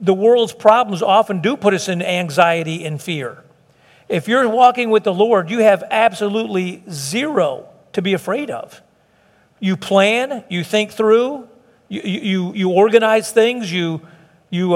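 Middle-aged pastor, high voice. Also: male voice, moderate pace. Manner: conversational preaching with restarts and acted quotes. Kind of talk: sermon. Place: church sanctuary. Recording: long hall reverb.

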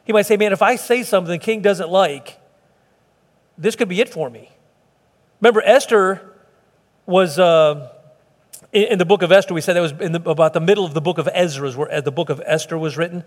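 A middle-aged male pastor with a notably high voice delivers a folksy, earnest sermon, often restarting his sentences. The sound carries a long reverb from a church hall. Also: a little fast, pauses often.

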